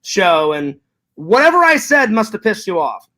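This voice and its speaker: High-voiced guy rambling on a casual podcast, lots of ums and restarts. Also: sing-song, pushed and bright. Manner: rambling, halting storytelling with many fillers. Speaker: podcast co-host. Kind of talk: casual chat.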